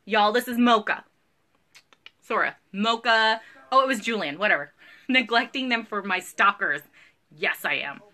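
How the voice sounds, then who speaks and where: A woman's voice: mid-range voice, measured pace, long pauses, bright, forceful tone. A woman, chatting bubbly and giggly through a live online clothing sale from home. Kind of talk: live sales stream chat.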